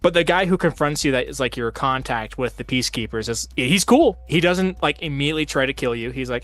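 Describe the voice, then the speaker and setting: A man's voice: mid-range voice, a little fast, few pauses, fairly bright tone, dry recording, faint music behind. A man hosting a casual gaming chat, telling long rambling stories full of "like" fillers. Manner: rambling storyteller, heavy use of "like". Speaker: host of a tabletop game stream.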